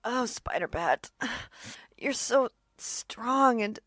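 Dude in falsetto doing a swooning damsel, sighs a lot, super dry close sound. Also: male voice, animated, drawn-out words, fairly bright tone, dry recording, heavily acted. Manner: high, sighing falsetto. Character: swooning young damsel, breathless and adoring. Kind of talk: comedy radio play.

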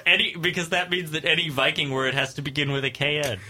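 A man's voice: on the high side, fairly even intonation, fast, bright, forceful tone. A man hosting a comedy radio show, bantering playfully and often laughing. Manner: playful, giggly, prone to sudden screams. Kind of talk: casual banter.

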